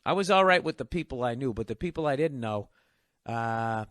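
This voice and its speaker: A man's voice: medium pitch, animated, normal speed, a bit bright, no room sound, studio quality. A man in his forties doing stand-up comedy, telling a story in a profane, ranting way. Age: 40s. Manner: profane, ranting, mimics others in bits.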